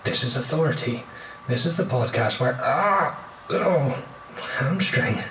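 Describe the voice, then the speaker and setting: An actor playing a frustrated young podcaster, exasperated and sarcastic with deadpan asides. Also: male voice, mid-range voice, measured pace, a little hiss or hum. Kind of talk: comedy sketch acting.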